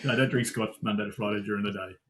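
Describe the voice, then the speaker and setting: An Australian man answering interview questions casually, lively and animated, getting worked up as he tells stories. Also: fairly low pitch, racing. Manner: animated storyteller, gets worked up. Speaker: guest, supplier sales manager.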